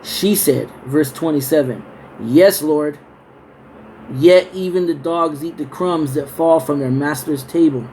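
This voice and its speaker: Male Bible teacher, slightly higher voice, unhurried verse reading, relaxed chatty explanation. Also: slight background noise, rough recording. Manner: reads verses slowly, then explains in loose conversational asides. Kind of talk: scripture reading and casual Bible study talk.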